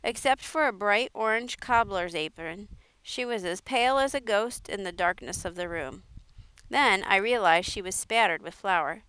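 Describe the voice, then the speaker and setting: Female audiobook reader, smooth and dry, steady storytelling. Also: mid-range voice, normal speed, dry recording. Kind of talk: audiobook narration.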